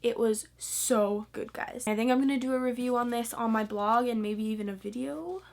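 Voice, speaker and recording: Teenage girl, casual book vlog, bubbly, gushing, slightly high voice. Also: normal speed, a little mellow. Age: teen. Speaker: book vlogger.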